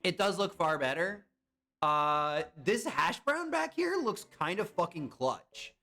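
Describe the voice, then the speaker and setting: A young man chatting casually on a live stream, excitable and swearing when he guesses wrong. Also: sits high, takes it slowly. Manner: excitable, swears and yelps at misses.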